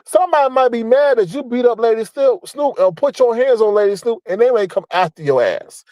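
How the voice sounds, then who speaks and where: A man's voice: very high voice, expressive, a little fast, a little mellow, no room sound, poor audio. A man giving a blunt, profane commentary rant, scolding and mocking, repeating his points for emphasis. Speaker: online commentator. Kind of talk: ranting commentary.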